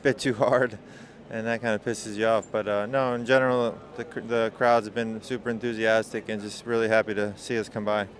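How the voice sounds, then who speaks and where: A veteran rider answers in a low, subdued, matter-of-fact voice, mumbling through his answers with little fuss. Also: level tone, brisk, hardly any pauses. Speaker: pro cyclist. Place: outdoors at a bike race.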